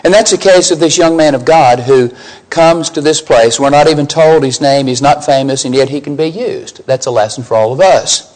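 A man's voice: on the high side, normal speed, a little mellow, low-quality recording. A man preaching a sermon, emphatic, putting questions to his listeners and rising on key scripture lines.

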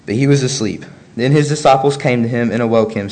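A man delivers a sermon, stopping to read long scripture passages aloud. His delivery is measured and earnest. His pitch sits in the middle range for a man. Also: a little mellow. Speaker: preacher.

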